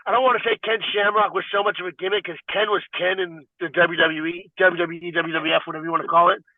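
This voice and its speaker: A man guesting on a podcast, talking in an animated, rambling way with lots of "like." His voice sits high for a man and sounds dry and tinny, as if over a phone line. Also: fast talker, no echo. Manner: rambling and animated, heavy filler "like". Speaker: podcast guest, fighter and wrestler. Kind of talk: casual interview chat.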